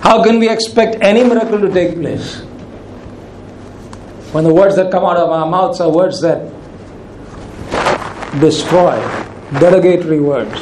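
A man with a high voice preaches a sermon in a church sanctuary, leaning hard on each quoted command and stretching it out. The room rings with echo, and a faint hiss sits under his voice. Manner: emphatic preaching, slows and rises on commands. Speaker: pastor.

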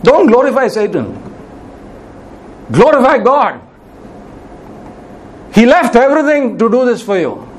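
A man's voice: very high-pitched, big pitch swings, unhurried, pauses often, a little hiss or hum. A male preacher giving a sermon in an earnest, pleading manner, repeating key phrases for emphasis.

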